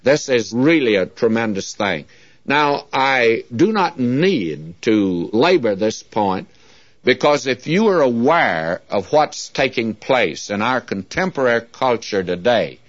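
An earnest male Bible teacher preaching in a folksy manner and calling his listeners friends. His voice sits at an ordinary middle pitch. The recording is dull and lo-fi, with a dry sound and no room echo. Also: sing-song, takes it slowly. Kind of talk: radio Bible teaching sermon.

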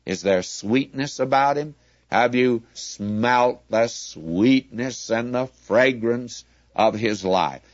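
Measured man teaching scripture, dry lo-fi sound. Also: medium pitch, no echo. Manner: measured, explanatory, leaning on key words. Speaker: Bible teacher. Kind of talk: radio Bible teaching.

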